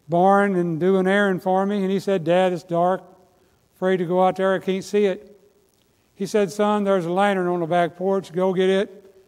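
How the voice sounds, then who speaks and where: A man's voice: high voice, a little mellow. An older man, preaching a sermon as a pastor, telling folksy stories and building to emphatic exhortation. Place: church sanctuary. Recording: long hall reverb.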